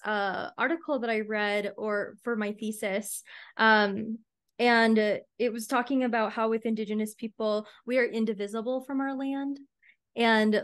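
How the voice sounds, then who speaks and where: A woman author speaking about her book over a video call, thoughtful and heartfelt, with many fillers. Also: medium pitch. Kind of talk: virtual book launch conversation.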